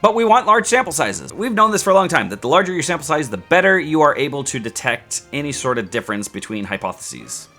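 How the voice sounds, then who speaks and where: A man teaching statistics in a playful, sarcastic, animated way. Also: a little high, fast talker, hardly any pauses, faint music behind. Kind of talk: scripted educational video.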